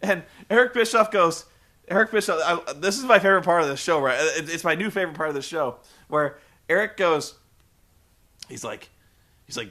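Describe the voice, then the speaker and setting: A man's voice: on the high side, animated, moderate pace, bright, forceful tone. A man hosting a comedic wrestling review, ranting in a profane, stammering, exasperated way. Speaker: host reviewing a wrestling show.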